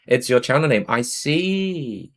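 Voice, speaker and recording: A man's voice: mid-range voice, expressive, slow pace. A man with an Australian accent chatting casually on a live stream, greeting and answering his viewers.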